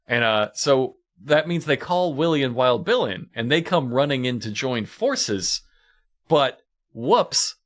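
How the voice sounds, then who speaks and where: Laughing man recapping a show. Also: mid-range voice. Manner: animated storytelling, laughs often, acts out quotes. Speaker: podcast co-host. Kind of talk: comedic podcast recap.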